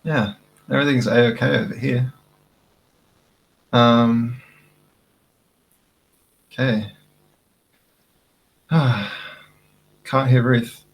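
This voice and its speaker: A man's voice: mid-range voice, fairly even intonation, drawn-out words, vocal fry, long pauses, slightly rough, rough recording. Laid-back Australian man, laughing often. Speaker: guest coding helper. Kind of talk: casual coding stream chat. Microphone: remote call audio.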